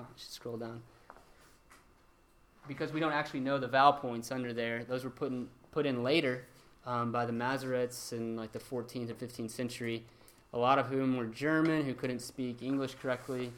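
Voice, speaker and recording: A man's voice: mid-range voice, fairly even intonation, normal speed, fairly bright tone. A young man teaching a church Bible class in a conversational way, with many ums and restarts.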